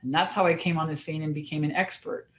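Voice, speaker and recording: Fired-up woman coach, pretty low voice, swears casually, echoey room. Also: fast talker. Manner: energetic, blunt, swears casually. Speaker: business and mindset coach. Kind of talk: motivational vlog talk.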